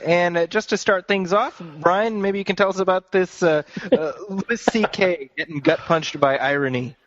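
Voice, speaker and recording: A man's voice: high-pitched, normal speed, fairly bright tone, no room sound. A man hosting a podcast who rambles in casual chat and is amused by himself. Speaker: podcast host. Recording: dry, dull lo-fi sound.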